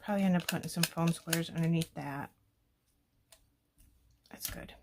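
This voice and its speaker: A woman hosting a scrapbooking video, chatting and thinking aloud as she works, often dropping to a soft murmur. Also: deep voice, normal speed, noisy background. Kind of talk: casual crafting talk-through.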